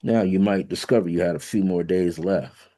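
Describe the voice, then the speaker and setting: A man giving a motivational spiritual teaching talk. He speaks conversationally, chuckles now and then, and slows down to stress key words and affirmations. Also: low voice, mellow.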